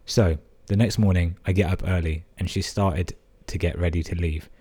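A man's voice: low voice, steady tone, normal speed, mellow, husky. A man hosting a podcast, reading out listener emails and breaking in with crude, amused asides. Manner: crude, sweary, amused interjections. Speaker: podcast host.

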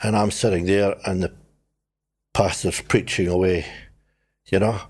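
An older man tells his life story in conversation. He has a husky, slightly rough voice and an animated way of telling it, acting out his old self and other people as he goes. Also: sits low, measured pace. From New Zealand. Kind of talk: conversational testimony.

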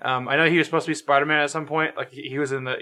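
A man co-hosting a podcast, chatting casually about movies and often pausing to find his words. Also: on the high side, fairly even intonation, sharp tone. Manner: hesitant, lots of fillers and restarts while searching for words. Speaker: podcast co-host. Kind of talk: casual movie review chat.

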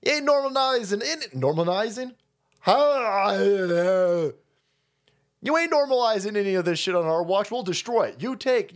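A man hosting a livestream, delivering a loud, mocking, profanity-laden commentary rant. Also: high voice. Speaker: livestream host.

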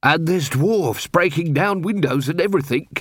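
A man's voice: a little high, normal speed, no room sound, voice pushed up, lightly acted. A man voicing a flustered, gossipy male grocer in an audiobook reading.

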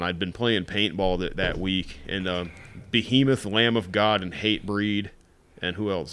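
A man with a lowish voice and a bright, forceful tone chats on a podcast. He rambles and often stops to search his memory for names and details. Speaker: podcast contributor. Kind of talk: casual chat.

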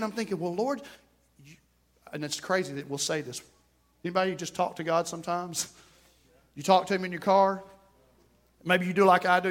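Male pastor, high tenor voice, church sermon, fervent, chats with the congregation between loud exclamations. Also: fairly quick, long pauses. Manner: fervent preaching that swings from quiet asides to loud exclamations; conversational, jokes with the congregation.

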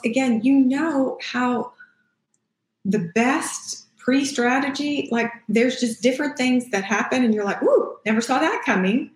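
A middle-aged woman hosting a parenting podcast as a child therapist, talking casually and acting out the things she says to kids. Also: a little high. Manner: warm, conversational, acts out what she says to kids. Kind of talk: casual advice talk. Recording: echoey room.

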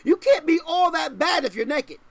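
A male pastor preaching a sermon, emphatic, swinging from loud stressed points to quiet asides and often checking in with rhetorical questions. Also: lively intonation, normal speed, no room sound. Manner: shifts between raised, forceful stresses and low, quiet asides.

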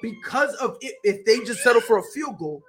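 Animated slangy young woman podcast host. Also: a little high, a little fast, heavy background noise. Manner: animated storyteller, slangy, full of restarts and "right?". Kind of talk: casual sports chat.

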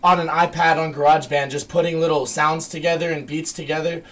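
High-voiced young man, slightly off-mic. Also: brisk, distant mic. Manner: excitable, swears constantly. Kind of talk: casual podcast chat.

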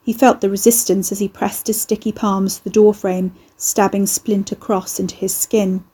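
A woman reading a story aloud as a narrator, in a steady, even storytelling way. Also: mid-range voice, normal speed, breathy edge. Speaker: audiobook narrator. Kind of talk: scripted narration.

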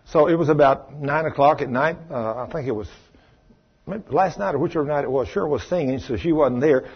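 A husky, somewhat high-voiced preacher gives a folksy, emphatic sermon at a fairly quick clip, dropping casual asides between his points. The audio is muffled and lo-fi, like an old recording.

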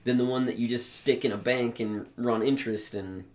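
A man's voice: mid-range voice, steady tone, fairly quick. A young man co-hosting a podcast, blunt and sardonic in profane casual banter. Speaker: podcast co-host.

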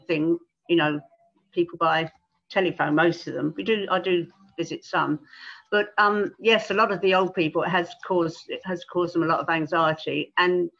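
An older woman, a retired pastoral carer, speaking gently and hesitantly with frequent ums and restarts. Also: on the low side. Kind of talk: casual conversation. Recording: dull lo-fi call audio.

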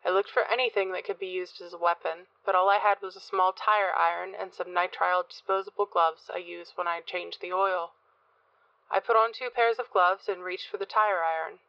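A woman's voice: fairly low pitch, steady tone, normal speed, dry recording. Woman narrating horror, dry and dull. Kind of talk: scripted horror audiobook narration.

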